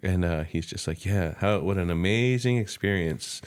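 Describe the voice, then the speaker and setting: A young man with a lowish voice recaps a film for a comedy podcast. He talks casually and keeps slipping into quick, animated impressions of the characters, with laughter running through it. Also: clear, resonant tone. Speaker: podcast co-host.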